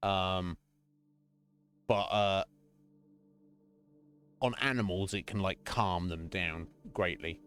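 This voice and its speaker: A man streaming a game, chatting casually in a rambling, halting way and often laughing. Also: low voice, a bit bright, clear, resonant tone.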